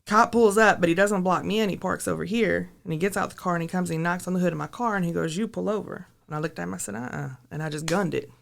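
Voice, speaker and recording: A woman's voice: lowish voice, quick pace, vocal fry, few pauses. A woman, a podcast guest telling a wild story in a blunt, profane, laughing way. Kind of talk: casual storytelling.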